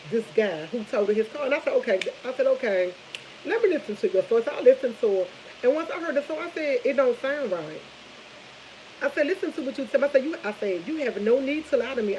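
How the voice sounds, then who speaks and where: A woman's voice: fairly high pitch, dull audio, a little hiss or hum. A woman, chatting casually over morning coffee, rambling from subject to subject and retelling a long story. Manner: rambling, jumps between subjects, animated storytelling. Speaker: vlogger.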